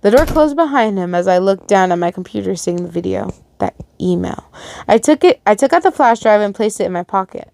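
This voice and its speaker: A woman's voice: mid-range voice, expressive, fairly quick, darkish tone, dry recording. A woman reading a first-person fan fiction story aloud, stumbling over words and correcting herself, with casual asides.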